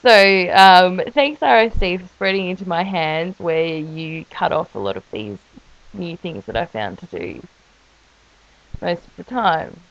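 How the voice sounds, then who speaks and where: A woman vlogger shares her illness story in a casual, rambling video diary, chatty and full of self-mocking jokey asides. Her voice is fairly low-pitched, animated and at a measured pace. The recording is muffled.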